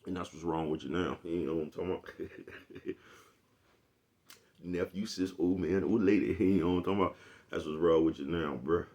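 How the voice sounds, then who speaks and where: A man's voice: deep voice, fairly even intonation, moderate pace, pauses often, a little mellow. A man, talking casually and profanely to his camera, rambling and asking "you know what I'm talking about?" over and over. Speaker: vlogger.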